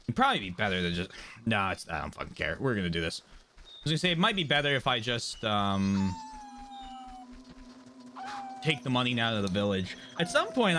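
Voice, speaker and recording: A man's voice: lowish voice, background noise. A man streaming a game, chatting offhand, muttering to himself and swearing now and then. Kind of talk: casual gameplay commentary. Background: game music.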